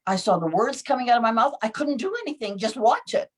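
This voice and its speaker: A woman's voice: on the high side, fast talker. A woman in her seventies, an actress recounting her early career in an interview, telling stories with frequent chuckles and acted-out voices. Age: 70s. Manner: lively storyteller, chuckles often, acts out quoted voices. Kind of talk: anecdotal storytelling in an interview.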